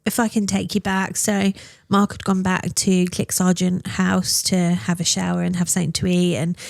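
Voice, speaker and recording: A woman, telling her story as a mother in a podcast interview, heartfelt and emotional, often pausing to search for words. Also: fairly low pitch, little pitch movement, vocal fry, dry recording.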